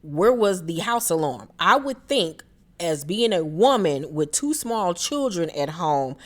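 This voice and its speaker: A woman's voice: on the low side, a little slow. Blunt, sassy woman recapping reality TV. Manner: blunt, swearing, animated with exaggerated mock reactions. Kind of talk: casual commentary.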